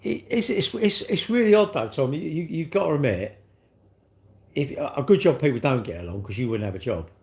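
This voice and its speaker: This livestream host is a middle-aged man from the United Kingdom with a British accent, and he chats loosely, playing out small two-sided conversations. He talks fairly fast in a fairly high, animated voice that has a slightly mellow quality.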